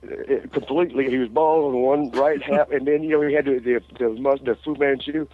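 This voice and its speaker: A middle-aged man with a twang tells a backstage story in a loose, rambling way, laughing as he goes and restarting his sentences. His voice sits at an everyday pitch, and the audio sounds dull and lo-fi, like an old radio show. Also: fairly even intonation, brisk. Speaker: interview guest, former wrestler. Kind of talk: casual storytelling.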